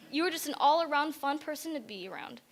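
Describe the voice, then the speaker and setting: A woman's voice: high-pitched, expressive, fairly quick. A teenage girl giving a nervous, giggly thank-you speech at her bat mitzvah in a synagogue, holding back tears. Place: synagogue sanctuary.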